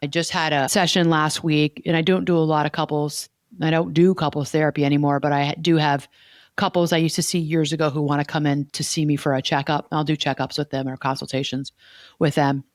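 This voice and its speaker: A woman's voice: sits low, little pitch movement, fairly quick, no echo, studio quality. A woman therapist hosting a podcast, explaining ideas in a teaching way and checking in with "okay?" as she goes. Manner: didactic, repeats key points with "okay?".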